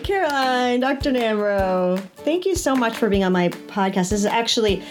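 A woman's voice: fairly high pitch, lively intonation, moderate pace, few pauses. Woman podcast host, casual, encouraging, faint background music. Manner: encouraging, frequent affirmations. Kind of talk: casual interview chat.

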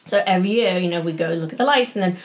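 A woman's voice: fairly low pitch, racing. A woman from England, a doctor speaking as a guest in a casual interview and telling stories in an earnest, reflective way.

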